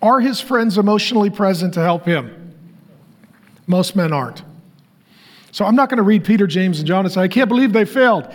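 A man's voice: high voice, expressive, moderate pace, pauses often. A middle-aged man preaching a sermon as pastor, conversational, with joking asides to the crowd.

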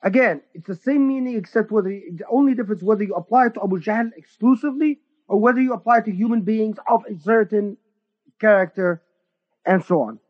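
A man giving a spoken Quran commentary lecture, deliberate, with frequent restarts and drawn-out words for emphasis. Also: high voice, dry recording. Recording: dull, dry lo-fi recording.

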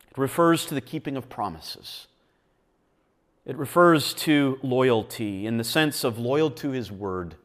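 Male pastor, mid-pitched voice, earnest sermon delivery with restarts and quiet-to-emphatic swings. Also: measured pace. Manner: earnest preaching, frequent word repeats, swings from quiet to emphatic. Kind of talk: sermon at a men's retreat.

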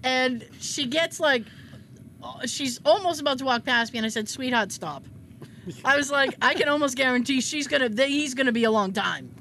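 A woman telling a funny story in casual chat, acting out the people in it with lively voices and frequent laughter. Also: high voice, moderate pace, a little hiss or hum. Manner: animated, acts out quotes in shifting voices, laughs often. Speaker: podcast co-host telling a story.

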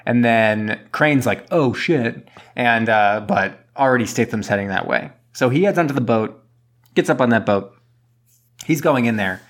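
A man's voice: medium pitch, lively intonation. A rambling man recapping a movie. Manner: rambling, retells plot with quick impressions. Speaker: podcast co-host. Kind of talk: casual movie recap chat.

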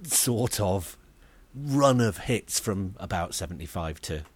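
Guy telling a rambling gig story, low voice that swings all over, bright edge. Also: takes it slowly, slightly rough, dry recording. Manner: rambling, animated storytelling with restarts. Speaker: podcast co-host. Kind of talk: casual comedy chat.

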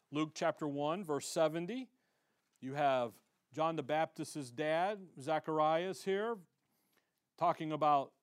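An American man preaching a sermon, reading scripture loudly and dropping to quiet, conversational asides. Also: on the high side. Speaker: pastor.

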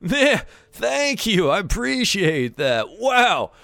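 A man's voice: sits high, sing-song, slow, gravelly, bright, forceful tone, no room sound, clean studio sound, faint music behind, pitched above the performer's own voice, exaggerated voice. A man voicing a laid-back, vain young surfer-dude man who drawls "man" and "dude.". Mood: excited, friendly.

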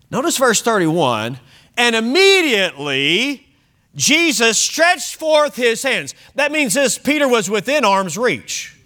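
A high, bright male voice preaching from the pulpit of a church sanctuary, with a lot of swing in his pitch. He reads scripture dramatically and breaks off into chuckling asides to his congregation. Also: takes it slowly. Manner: animated, emphatic reading with chuckles and asides to the congregation. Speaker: pastor. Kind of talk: sermon with scripture reading.

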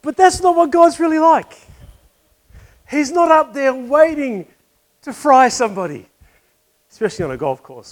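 A man's voice: very high-pitched, animated, normal speed, pauses often. A man preaching a conversational sermon, asking questions and telling a wry joke.

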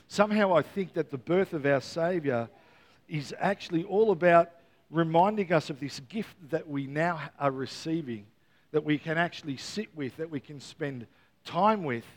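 A man's voice: on the high side, expressive, normal speed. A man preaching a Christmas Eve sermon, earnest and repeating key words, with playful joking asides to the congregation. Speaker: pastor.

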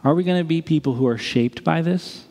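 A male pastor preaching a sermon in a lively way, with joking asides and acted-out quotes. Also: fairly high pitch, brisk. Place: church sanctuary. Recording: long reverb of a large church hall.

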